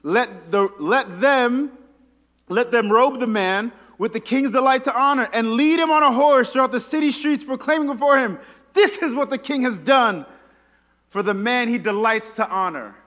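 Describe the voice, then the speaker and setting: A man doing a boastful, self-satisfied royal official, swelling with pride and fairly high-pitched. The voice rings out with a long reverb trail. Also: normal speed, a bit bright.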